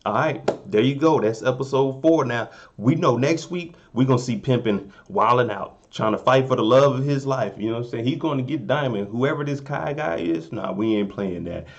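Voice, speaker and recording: A young man casually recapping a TV episode in a relaxed, joking way, often asking "you know what I'm saying". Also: mid-range voice, moderate pace, creaky, few pauses, muffled recording. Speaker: recap vlogger.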